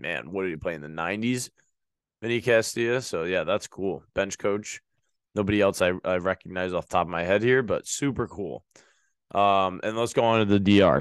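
A man's voice: lowish voice, clear, resonant tone, dry recording. A man hosting a sports podcast, talking casually and rambling with many fillers and restarts. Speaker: podcast host.

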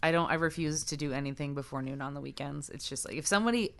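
A woman chatting casually on a podcast, playful and animated, often acting out people she quotes. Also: deep voice, fast talker, gravelly. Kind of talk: casual chat.

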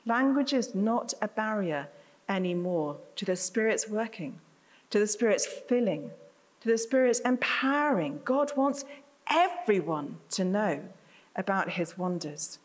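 A woman's voice: medium pitch, lively intonation, a little slow. A woman preaching a sermon to her congregation, chatty, with self-deprecating asides. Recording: reverberant hall.

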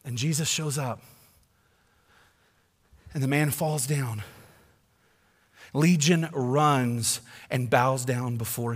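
Emphatic male preacher in a reverberant hall. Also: mid-range voice. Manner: emphatic, swings between loud and hushed. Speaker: pastor. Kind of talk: sermon.

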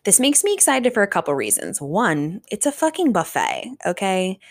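A woman in her twenties from the Richmond, Virginia area, hosting a podcast in casual solo chat, animated and swearing freely. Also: mid-range voice, moderate pace. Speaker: podcast host.

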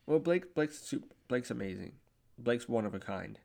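Deadpan teasing young man. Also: medium pitch, moderate pace, vocal fry. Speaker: podcast co-host. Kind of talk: casual chat.

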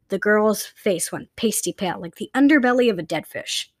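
A woman's voice: mid-range voice, lively intonation, moderate pace, no room sound, clean studio sound. A woman reading a children's novel aloud in a plain, unpolished way, with occasional slips and restarts. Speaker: reader.

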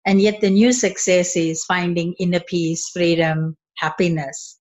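A woman's voice: on the low side, steady tone, measured pace, a little mellow. A woman guest on a podcast who speaks reflectively and asks rhetorical questions. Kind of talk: interview conversation.

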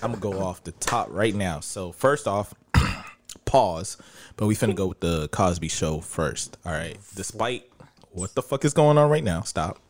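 Male co-host, very low voice, laid-back and blunt, trash talk on a studio podcast mic. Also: animated, a little slow. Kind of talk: casual podcast chat.

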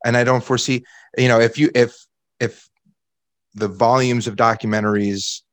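A man's voice: mid-range voice, fairly even intonation, normal speed, dry recording. A man co-hosting a casual podcast, thinking aloud with frequent restarts and repeated words. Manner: hesitant, restarts and repeats while working out a point.

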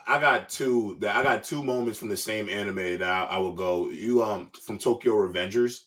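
A man's voice: lowish voice, moderate pace, a bit bright, far from the mic. A man hosting a casual panel talk show, speaking loosely with slang and emphatic asides. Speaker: show host.

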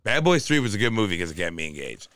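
A young man co-hosting a podcast, chatting casually and telling animated stories with plenty of swearing. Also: low voice, fast, no room sound, studio quality. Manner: animated storytelling, swears freely. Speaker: podcast co-host. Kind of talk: casual chat.

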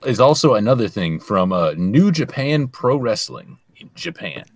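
A man hosting a casual comedy podcast, talking in halting bursts and steering the chat. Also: mid-range voice, big pitch swings, dry recording. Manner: halting, lots of restarts and laughs. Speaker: podcast host.

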